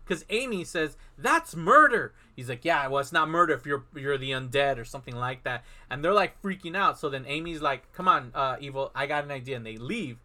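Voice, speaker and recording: A man's voice: medium pitch, a little fast, few pauses, bright, forceful tone. A man co-hosting a podcast, casually recapping a film and acting out the characters' lines as he goes. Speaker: podcast co-host.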